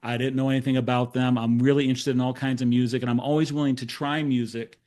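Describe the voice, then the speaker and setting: Middle-aged man, therapist giving a conference talk, lively storyteller, acts out dialogue, wry humor. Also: mid-range voice, fast talker. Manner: animated storyteller who acts out quoted dialogue; self-deprecating humor, chuckles. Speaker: therapist presenting case studies.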